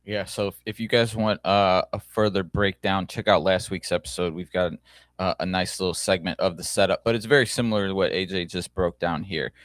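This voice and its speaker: Male co-host, lower pitch, smooth voice, laid-back banter, dry recording. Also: fairly quick, no echo. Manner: relaxed, conversational, many fillers. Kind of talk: casual show chat.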